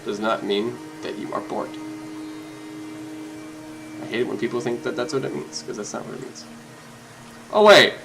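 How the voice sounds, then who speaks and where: A man giving casual, jokey commentary while playing a game, often gushing in a high voice. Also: normal speed, vocal fry, pauses often, over loud music, low-quality recording. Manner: excitable and jokey, jumps to high-pitched gushing. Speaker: let's play host.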